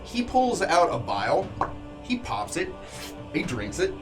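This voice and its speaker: Male game master, animated delivery, descriptive narration with fillers, over music. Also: a little high, takes it slowly. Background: background music.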